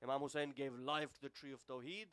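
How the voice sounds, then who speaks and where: A man with a British accent delivering a sermon, building to emphatic peaks and then falling to hushed, solemn tones. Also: mid-range voice, fairly even intonation, quick pace, smooth, no room sound. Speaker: preacher.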